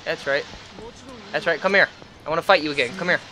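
Young man, gaming commentary, somewhat high voice, frustrated outbursts, self-mocking trash talk. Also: quick pace, soft background music. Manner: excitable, yelling at the game in frustration. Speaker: gaming channel host. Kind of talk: let's play commentary.

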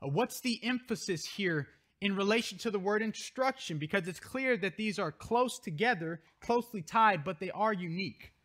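A man's voice: high-pitched, fairly bright tone. A man pastor preaching a sermon, reading scripture verses aloud and stressing key words as he explains them. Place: church sanctuary.

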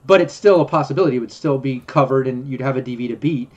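Male GM for an online tabletop game, rambly and halting, slightly dull lo-fi sound. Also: mid-range voice. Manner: rambling, many ums and restarts. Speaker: game master.

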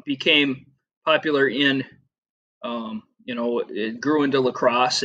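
A man's voice: medium pitch, fairly bright tone, muffled recording. A middle-aged man teaching a casual classroom lesson over slides, chatty and rambling with lots of fillers and asides.

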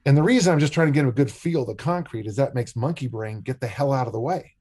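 An older man with a husky, slightly breathy voice at an average pitch, talking as a coach on a podcast. He tells stories in an animated, joking way. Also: fast talker. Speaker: strength coach and discus coach. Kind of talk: podcast interview.

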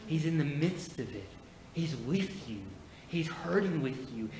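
A man preaching a sermon as pastor, moving from quiet personal storytelling to emphatic preaching. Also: a little high, lively intonation, measured pace. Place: church sanctuary. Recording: echoey church hall with faint noise.

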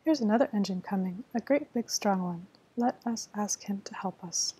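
A woman's voice: mid-range voice, moderate pace, warm tone, husky. A woman whispering as an eager little toy clown, whispered role-play. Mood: hopeful. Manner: eager, encouraging.

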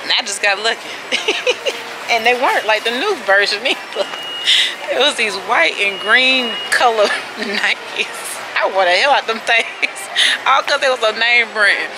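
A woman's voice: a little high, animated, a little slow, background noise. A woman vlogging casually, chatty and laughing often as she talks to her viewers. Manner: chatty, laughing, hums and sings gospel. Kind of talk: casual vlog chat.

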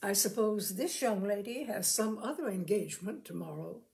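A woman's voice: mid-range voice, lively intonation, normal speed, creaky, darkish tone. A woman reading a story aloud and voicing a fat, shrewd, jolly male farmer with folksy country speech. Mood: coaxing.

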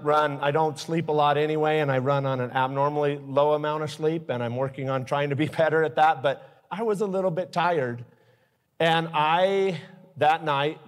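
A man giving a live aviation safety talk to pilots, earnest and openly emotional, with blunt warnings. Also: a little high. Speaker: speaker at aviation safety forum. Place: forum at an airport hangar venue. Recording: long reverb from a large hall.

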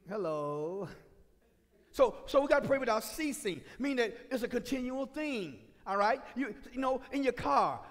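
A man preaching a sermon as pastor, swinging from shouted points to chatty asides with the congregation. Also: very high voice. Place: church sanctuary. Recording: reverberant church sanctuary.

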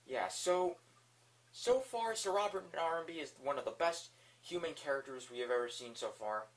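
A man's voice: on the high side, a bit bright. A man giving a casual spoken review, enthusiastic and rambling, with lots of fillers. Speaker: video reviewer.

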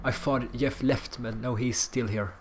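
Excitable, profane gamer man. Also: mid-range voice, a little slow, slight background noise. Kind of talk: casual gameplay commentary.

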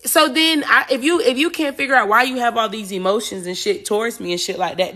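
A woman's voice: a little high, animated, a little fast, few pauses, sharp tone. A woman doing a casual tarot reading, talking bluntly with profanity and rambling asides, and growing emphatic as she goes. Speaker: tarot reader.

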